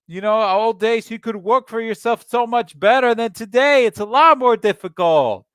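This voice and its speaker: A man's voice: very high voice, a bit bright, clear, resonant tone, no echo, clean studio sound. A young American man ranting angrily at home, swearing often and breaking off mid-sentence to restart. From United States. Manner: heated, profane, halting with restarts. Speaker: channel host. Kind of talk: angry solo rant.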